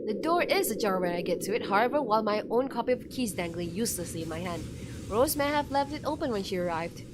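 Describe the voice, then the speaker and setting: A woman's voice: medium pitch, background noise. A woman streamer reading a horror visual novel aloud in first person, breaking off into playful, chatty asides and attempts at a British accent.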